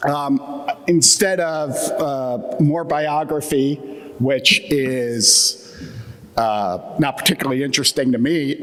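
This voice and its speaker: A keynote speaker from the US Atlantic Midland region, with a Mid-Atlantic American accent, gives a wry, joking talk full of fillers to an audience in a conference hall. His mid-range voice is a bit bright, and the hall sounds reverberant.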